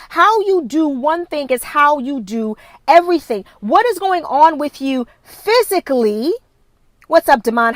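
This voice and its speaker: A woman wellness coach gives a live-streamed motivational talk into her phone, emphatic and repetitive, driving her points home with preachy insistence. Her voice is high-pitched and fairly bright, with no echo.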